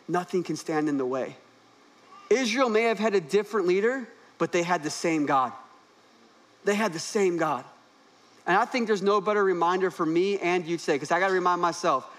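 A young man, the new pastor, preaching a sermon on a church stage in an animated, joking way with rising emphasis. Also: high-pitched.

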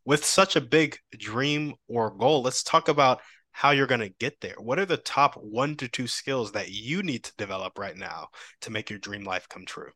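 A woman's voice: a bass voice, expressive, normal speed, few pauses, a bit bright, dry recording. A woman hosting a podcast interview, asking questions in an upbeat, encouraging way. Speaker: podcast host.

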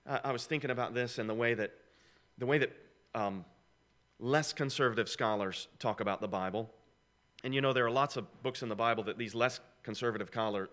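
A man's voice: mid-range voice, bright, forceful tone. A middle-aged man preaching a conversational, emphatic sermon to a congregation, posing rhetorical questions. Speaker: pastor.

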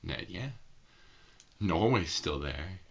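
A man's voice: sits low, expressive, slow pace, vocal fry, husky, dull audio. A man co-hosting a podcast in casual banter, swearing freely and jumping into mocking voices. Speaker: podcast co-host.

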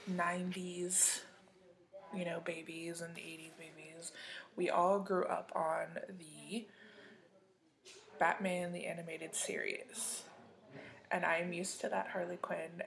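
Woman, podcast host, casual chat, heavy vocal fry, slightly low pitch, rambling and chatty. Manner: rambling, chatty, with fillers and soft asides.

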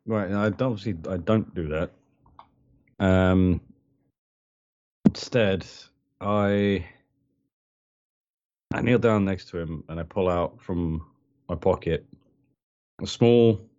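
Very deep voiced guy narrating his character at the table, slow and halting, dull lo-fi mic. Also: a little mellow. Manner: casual, halting, with fillers and crude asides. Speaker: player. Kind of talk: describing his character's actions in a tabletop game.

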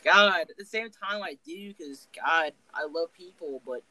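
A young man in casual chat, excitable and cursing, swinging between loud outbursts and quiet asides. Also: a little high, normal speed, crowd noise, low-quality recording.

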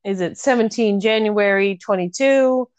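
A woman's voice: mid-range voice, normal speed, no room sound, lo-fi sound. A woman in casual chat, animatedly retelling a novel's plot and acting out the characters' lines with filler words. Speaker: podcast co-host discussing a novel.

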